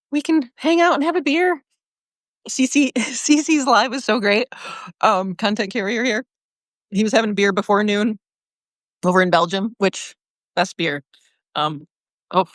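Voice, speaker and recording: A woman's voice: fairly low pitch, no room sound, clean studio sound. Giggly woman livestreaming from her phone. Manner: bubbly, laughs often, greets viewers. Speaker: livestream host. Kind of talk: casual livestream chat.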